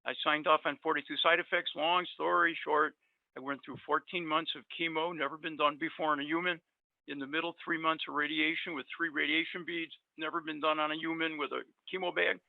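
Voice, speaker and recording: Over a dry, tinny line that sounds like a phone, a guest dentist in middle age tells long, meandering personal stories in relaxed conversation, full of fillers. He speaks briskly in a steady tone, his slightly high voice carrying vocal fry, and the recording is dry.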